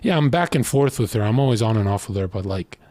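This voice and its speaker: A man's voice: lowish voice, lively intonation, quick pace, darkish tone, no echo. Man, late twenties, brash and crude, rambling boastful streamer monologue, dry close sound. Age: late 20s. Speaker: streamer giving dating advice. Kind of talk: casual monologue.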